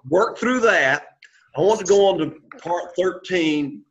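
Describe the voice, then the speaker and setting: A man's voice: high voice, animated, measured pace. Patient male Greek teacher, muffled recording. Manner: patient, repetitive explaining with frequent "okay?" check-ins. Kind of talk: classroom lesson. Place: classroom.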